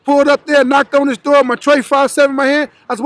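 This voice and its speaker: A man with a very high-pitched voice tells his life story in an interview. He talks bluntly and with plenty of profanity, and he acts out the other people in his story as he goes. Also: a little fast, fairly bright tone, dry recording.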